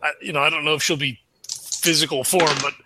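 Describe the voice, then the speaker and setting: A man playing a tabletop role-playing game, telling his character's actions in a halting way with many fillers. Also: fairly high pitch, steady tone, background noise. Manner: halting, full of fillers, acts out anguished cries. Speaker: player.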